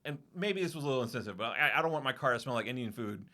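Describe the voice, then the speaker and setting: A man telling a profane, animated story on a casual podcast, acting out what everyone said. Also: medium pitch, rapid-fire. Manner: profane, animated anecdote-telling with acted-out quotes. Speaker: podcast co-host.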